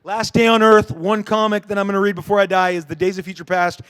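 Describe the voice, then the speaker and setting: Middle-aged man, high voice, lively fan-panel storyteller, quick jokes with the crowd. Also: clear, resonant tone. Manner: animated storytelling, joking with the audience. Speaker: comic book creator on a convention panel. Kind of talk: convention panel Q&A. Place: dark convention panel room.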